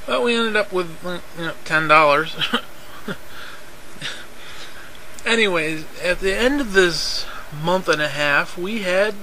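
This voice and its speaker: A man's voice: sits high, slow, long pauses, pushed and bright, a little hiss or hum, rough recording. A man telling a rambling, profane story in a casual way, repeating himself and laughing often.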